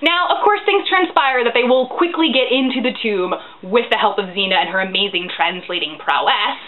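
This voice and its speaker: A woman casually recapping a TV episode, gushing and animated, sometimes dropping into a whisper. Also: on the high side, moderate pace. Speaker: recap podcast host. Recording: tinny phone-like audio.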